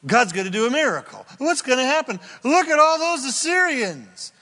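A man voicing a calm prophet reassuring a panicked king, in a raised, lively voice. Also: very high-pitched, normal speed, pitched above the performer's own voice, exaggerated voice. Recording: echoey hall.

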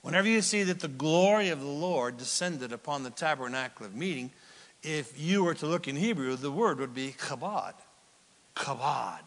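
A male pastor preaching a sermon, swinging from loud outbursts to near whispers. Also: a little high, lively intonation, normal speed. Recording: long hall reverb.

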